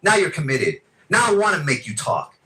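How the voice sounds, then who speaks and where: A man hosting a podcast, loudly and aggressively insulting others in a heated argument. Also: fairly high pitch, wildly swooping pitch, fairly quick, a crowd in the background. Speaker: podcast host.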